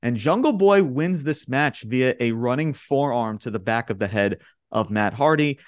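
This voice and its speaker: Wrestling promos get an animated, casual recap from this young podcast host from Long Island, New York, who quotes the wrestlers between laughs. He talks at a moderate pace in a medium pitch, recorded dry with clean studio sound.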